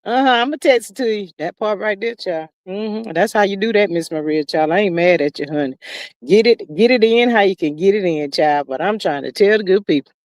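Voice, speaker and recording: Hosting a laid-back gossip stream, an older woman drawls along, folksy and unhurried, tossing out "child" and "honey" to her audience. Her voice is mid-range and the recording is dry.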